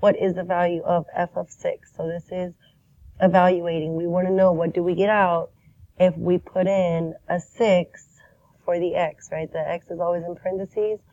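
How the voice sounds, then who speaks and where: A woman with a sick, worn voice teaching a math lesson from a dull lo-fi recording. Her tone is low, mellow and fairly flat. She walks through each step patiently, checking in with "right?" as she goes. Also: moderate pace, no room sound. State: sick, rough voice.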